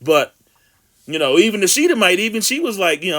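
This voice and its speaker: A man giving casual scripture commentary, rambling with restarts and blunt profanity, and reading verses slowly and emphatically. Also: fairly high pitch, big pitch swings, fairly bright tone.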